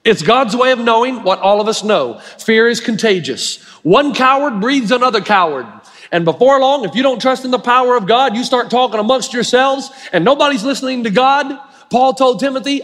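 A male pastor preaching a sermon in an emphatic, animated storytelling style, in a church sanctuary. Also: very high voice, brisk. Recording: long reverb of a large hall.

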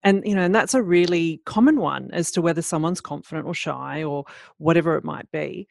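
Interview host, gravelly fry in the voice, dry close sound, friendly probing questions. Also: medium pitch, fairly quick, darkish tone, no echo. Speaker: podcast host.

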